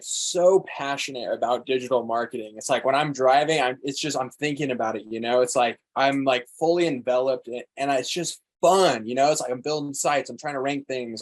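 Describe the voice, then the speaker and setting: A man speaking as an interview guest, eager and rambling. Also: mid-range voice. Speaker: guest, digital marketer.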